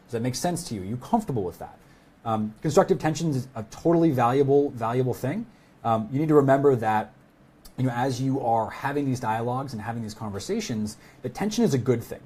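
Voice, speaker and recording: Man, relaxed sales trainer, loose and chatty, soft husky tone. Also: mid-range voice, fast. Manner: conversational, many fillers and restarts. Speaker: sales expert guest. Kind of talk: casual webinar teaching.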